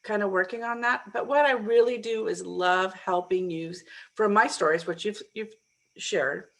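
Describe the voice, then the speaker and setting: A woman's voice: mid-range voice, moderate pace. A middle-aged woman, a mindset coach, telling a story in a casual interview and acting out the people she quotes. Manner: animated, acts out quoted voices with laughter.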